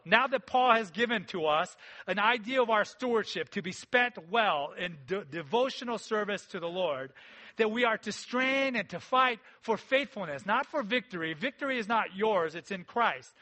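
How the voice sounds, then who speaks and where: Speaking in a high voice, a man preaches as a pastor in a conversational style. His delivery alternates between booming emphasis and soft, intimate asides.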